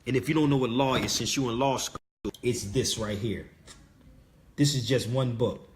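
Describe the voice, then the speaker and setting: A middle-aged man preaches to his livestream audience in a casual monologue. His voice sits at an ordinary pitch for a man. He is insistent and emphatic, hammering his points home by repeating key words. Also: fairly even intonation, moderate pace, slight background noise. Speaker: livestream host.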